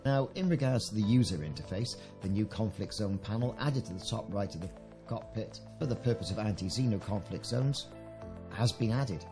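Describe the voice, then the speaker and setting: Chatty British man with a low voice. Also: animated, normal speed, music in the background. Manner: chatty, enthusiastic asides while reading patch notes. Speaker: gaming video creator. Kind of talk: casual game update commentary.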